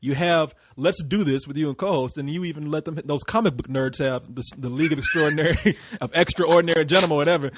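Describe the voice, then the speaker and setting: An American man hosting a casual group podcast, loud, laughing and swearing freely. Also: a little high, quick pace, hardly any pauses. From United States. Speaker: podcast host.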